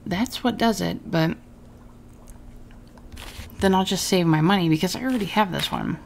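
A woman's voice: lowish voice, normal speed, vocal fry, slight background noise. A woman hosting a gaming let's-play, chatting and musing aloud as she reads and makes choices. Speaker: gaming host.

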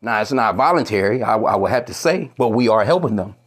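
A man with a lowish, expressive voice talks briskly through an angry, foul-mouthed commentary video. He keeps restarting over repeated words and halts now and then to quote scripture.

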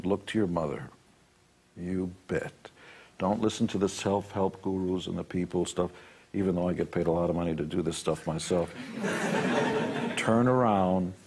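A man's voice: deep voice, a little mellow, husky. A man being interviewed on a television talk show, talking in a blunt, preachy way with the odd self-mocking laugh. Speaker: interview guest. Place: television studio.

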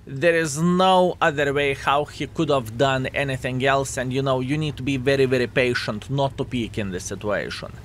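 A man's voice: medium pitch, slight background noise. A young adult man giving casual, joking commentary over gameplay, chatting to his viewers as "fellas.". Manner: chatty, addresses viewers as fellas, playful jokes. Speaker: gaming commentator.

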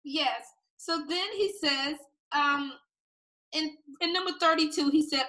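Bright, high-voiced woman reading scripture. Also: poor audio. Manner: reads scripture aloud slowly, with small laughs. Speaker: podcast co-host. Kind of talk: casual Bible study chat.

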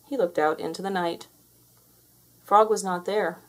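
A woman reading a children's picture book aloud in a slow, clear storytelling manner. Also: fairly low pitch. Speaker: storybook reader. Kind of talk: children's read-aloud narration.

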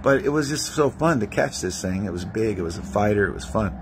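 Guy with a lowish voice preaching, animated storytelling, acts out the prayers and dialogue. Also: fairly quick, slight background noise. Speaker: evangelist preacher. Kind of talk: testimony-style sermon.

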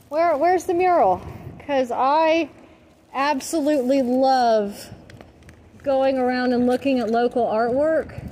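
A woman's voice: high voice, darkish tone. A woman from the American South with a light Southern accent, talking candidly and casually as she walks around town, swearing now and then and saying "like" a lot. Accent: Southern US, mostly toned down. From Southern United States. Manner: chatty, candid, swears, heavy use of "like". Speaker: vlogger. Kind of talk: casual walking vlog. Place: outdoors on a town walk, into shops. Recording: noisy outdoor street ambience.

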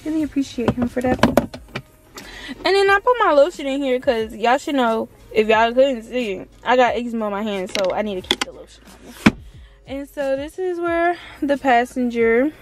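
A bubbly teenage woman giving a casual vlog tour from inside her car. Her voice sits a little high, and she gushes and rambles with constant fillers. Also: normal speed, heavy background noise. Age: around 19. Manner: excitable and chatty, full of fillers like "like" and "um". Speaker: vlogger.

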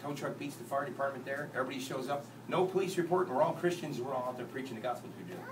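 A man speaking at a church, a lively, joking storyteller who acts out the dialogue in his testimony. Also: mid-range voice, rapid-fire, heavy background noise. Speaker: guest speaker and singer at a church. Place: church sanctuary. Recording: echoey church hall, distant mic, guitar.

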